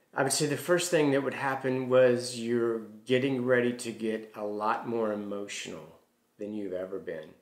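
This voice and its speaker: A middle-aged man talks casually to camera, circling back on himself with fillers and restarts. His voice sits at an ordinary pitch. The room around him is noticeably echoey. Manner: rambling, many fillers and restarts. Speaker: healing practitioner.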